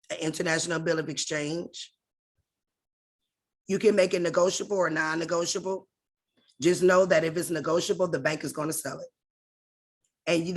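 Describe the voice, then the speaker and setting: A woman leading an online class over a video call, in a casual and direct instructional tone that addresses her listeners familiarly. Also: on the low side.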